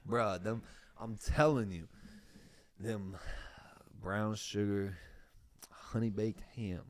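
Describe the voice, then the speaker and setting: A young man co-hosting a podcast speaks in a fairly low, fairly even voice and takes his time. It's a casual, laid-back chat where he rambles, laughs often, and keeps restarting phrases.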